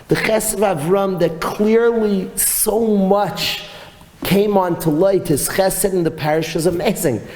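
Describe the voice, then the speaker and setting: A man teaching a Torah class as a rabbi, telling stories in an animated way and mixing in Hebrew and Yiddish terms. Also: high-pitched. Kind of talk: storytelling Torah lecture. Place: yeshiva hall. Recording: reverberant hall with faint noise.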